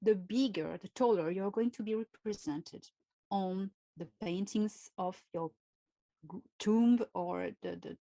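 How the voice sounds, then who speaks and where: A woman with a French accent, a native French speaker answering interview questions in English, speaking slowly and carefully with frequent hesitations. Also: mid-range voice, gravelly, warm tone, no echo. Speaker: guest.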